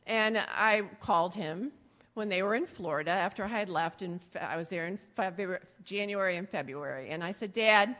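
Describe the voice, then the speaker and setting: A woman's voice: lowish voice, brisk, a bit bright, in a large hall. A middle-aged woman telling family stories with a sarcastic, teasing manner. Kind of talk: humorous storytelling to an audience.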